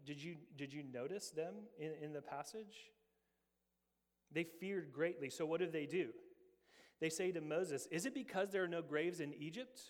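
A middle-aged man preaching in a church, his voice sitting a little high for a man. He talks in an earnest way, stacking rhetorical questions and repeating words as he goes. His words ring out with a long reverb from the hall. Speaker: pastor. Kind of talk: sermon.

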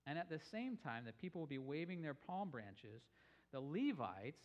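A man preaching a sermon on scripture, telling the story with energy and raising his voice for emphasis. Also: mid-range voice. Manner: animated storytelling, rising with emphasis. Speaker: pastor. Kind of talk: sermon teaching.

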